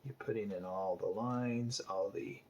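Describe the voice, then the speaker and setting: A man's voice: on the low side, measured pace, a little mellow, highs cut off. A man talking through his drawing process in a casual tutorial, thinking aloud and hesitating, often dropping to half-whispered asides. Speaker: art instructor.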